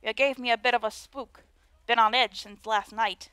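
A woman voicing a very old male castle guard with a put-on Cockney accent, gruff, foggy but capable. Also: on the high side, fairly even intonation, normal speed, pushed and bright, no echo. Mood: weary.

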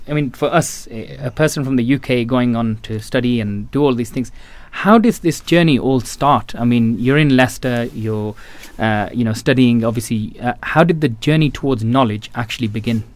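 A man's voice: medium pitch, moderate pace, hardly any pauses, no room sound. A man hosting a podcast, introducing his guest with many hesitations and restarts. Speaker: podcast host. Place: Birmingham.

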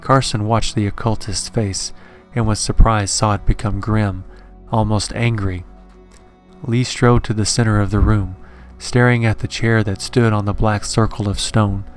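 A man narrating a horror story in a measured, steady scripted reading. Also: fairly low pitch. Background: faint horror background music.

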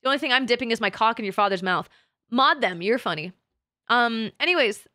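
Bright, crude, teasing woman streamer. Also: a little high, animated, fairly quick, no room sound, clean studio sound. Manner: crude, teasing, laughs often. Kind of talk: casual live-stream chat.

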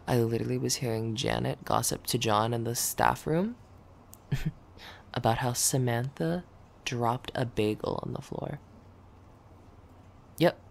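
A woman performing a scripted audio role-play as a blunt, sarcastic office coworker who curses and grudgingly softens. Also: a bass voice, gravelly, full character voice. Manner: dry, dismissive teasing that turns grudgingly gentle.

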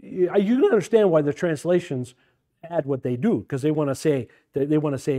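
A man's voice: on the high side, brisk, dark tone. A man leading a Bible study class, questioning his students and repeating phrases as he works through a passage.

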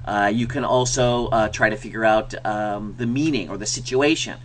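A man's voice: fairly low pitch, normal speed, fairly bright tone, a little hiss or hum. A man giving a conversational mini lecture as an ESL teacher, with many fillers, who sounds out example words aloud.

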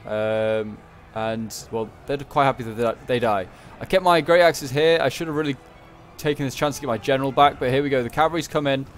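A man's voice: mid-range voice, brisk, faint music behind. A man giving casual, chatty commentary over a strategy game battle, rambling and correcting himself as he goes. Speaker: gaming video creator.

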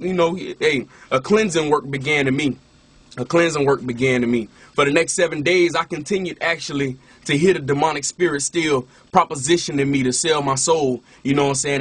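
A man's voice: fairly high pitch, fairly bright tone, slightly rough. A man, a minister and former rapper, telling his personal testimony in a casual way, often saying "you know what I'm saying" and restarting his words.

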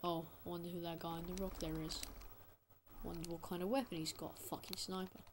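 A man's voice: on the high side, flat delivery, fairly quick, background noise. A man giving an angry, profanity-heavy rant as gameplay commentary, sounding exasperated throughout. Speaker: gaming channel host.

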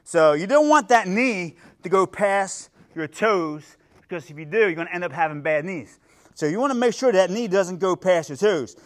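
A man teaching a live-streamed karate class for young beginners, calmly explaining moves between sharp shouted counts and kiai. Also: high voice, moderate pace. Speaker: karate instructor. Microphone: phone or laptop for a live stream.

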